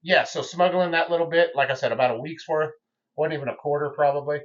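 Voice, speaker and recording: A man, a podcast guest, telling stories in casual chat, animated and swearing freely. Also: on the high side, fast talker, far from the mic. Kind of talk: casual storytelling. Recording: dull lo-fi audio, set back from the mic.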